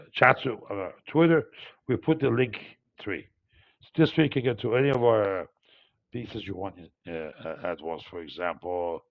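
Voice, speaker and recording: A man with a low, gravelly voice hosts a live market review. His pitch swings widely as he digresses and restarts his sentences. The audio is dull and lo-fi. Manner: digressive, animated, frequent fillers and restarts. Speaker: market analyst hosting a review. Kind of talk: rambling live market commentary.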